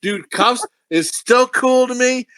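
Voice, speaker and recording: A man's voice: extremely high pitch, slow, a bit bright, no echo. A man co-hosting a podcast movie review, talking in a profane, rowdy way and laughing often. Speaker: podcast co-host. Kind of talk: casual movie review chat.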